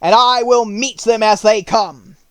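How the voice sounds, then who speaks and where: A man's voice: high voice, fairly even intonation, unhurried, fairly bright tone, smooth, no room sound, pitched above the performer's own voice. A man voicing a brave, steadfast male tin woodman in an audiobook, speaking firmly. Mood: resolute. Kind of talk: audiobook character voice.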